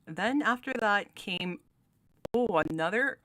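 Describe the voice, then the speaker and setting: A woman's voice: medium pitch, lively intonation, takes it slowly, bright, forceful tone. A young woman hosting her channel, chatting casually while ranking game cards, giggling often and talking with many fillers and restarts. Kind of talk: casual commentary.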